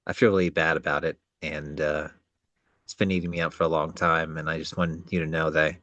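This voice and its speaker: A low-voiced podcast co-host with a slight Southern drawl, who talks in an earnest, measured, thoughtful way. The sound is dry and close. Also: male voice, flat delivery, sharp tone, no echo, muffled recording. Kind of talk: casual podcast banter.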